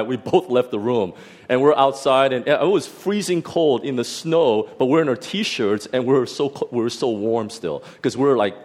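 Man, middle-aged, pastor, sermon testimony, animated storytelling, frequent restarts, mid-pitched voice.

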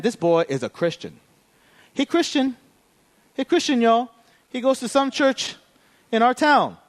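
A male pastor telling a story in a sermon, acting out both sides of a conversation and laughing along the way. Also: sits high.

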